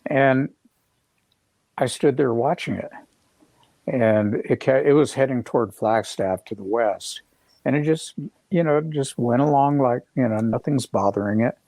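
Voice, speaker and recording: Halting middle-aged man with a gravelly edge. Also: medium pitch, mellow, dry recording. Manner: rambling, halting, many fillers and restarts. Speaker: guest. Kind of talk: casual storytelling on a live video call. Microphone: video call.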